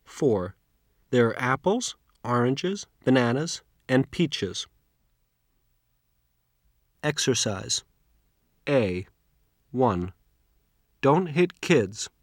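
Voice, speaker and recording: Slow, deliberate male lesson narrator. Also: medium pitch, very animated, no room sound, studio quality. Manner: slow, deliberate, carefully enunciated. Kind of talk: scripted English lesson reading.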